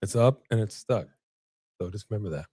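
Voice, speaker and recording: A man's voice: lowish voice, brisk, mellow, breathy edge, dry recording. Man doing playful wrestling watch-along commentary. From Los Angeles. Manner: joking, calls the action, playful banter. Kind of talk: casual live-stream commentary.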